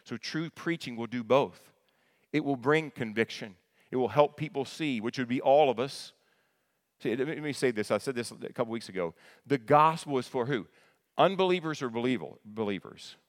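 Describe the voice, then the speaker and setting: A pastor preaches in an animated way, asking his congregation questions and answering them himself. His voice sits at an ordinary man's pitch, and a long hall reverb trails behind each phrase. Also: a little fast. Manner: repeats words and restarts phrases. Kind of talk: sermon.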